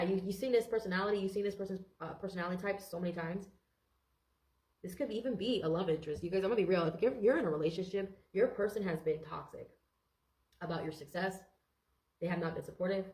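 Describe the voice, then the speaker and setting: Congested woman tarot reader; rapid, rambling, filler-heavy delivery in a roomy space. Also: on the low side, a little mellow. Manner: rambling, repeats phrases, frequent "okay?" and "like". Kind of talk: casual tarot reading.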